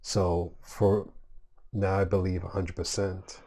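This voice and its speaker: Halting man playing a tabletop game. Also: deep voice, little pitch movement, dark tone. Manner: halting, stammering. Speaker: player. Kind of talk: casual tabletop play.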